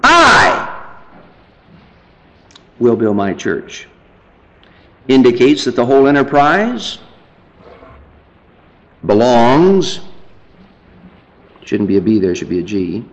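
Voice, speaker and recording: A man's voice: sing-song, takes it slowly, pauses often, darkish tone, low-quality recording. A man preaching a sermon, citing scripture references and building to emphatic, fervent passages. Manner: emphatic, rising to fervent high-pitched preaching; lists scripture references as he teaches.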